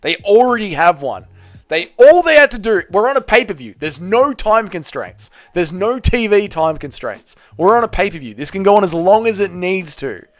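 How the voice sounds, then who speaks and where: A man hosting a live fight watch party, giving blunt, excitable casual commentary, swearing freely and reading chat. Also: high voice, moderate pace, no echo, studio quality.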